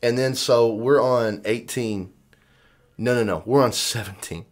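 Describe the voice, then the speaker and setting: A man's voice: medium pitch, a little slow. A man co-hosting a podcast, chatting casually and acting out the people in his stories. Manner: rambling storyteller, acts out quotes. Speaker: podcast co-host. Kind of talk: casual chat.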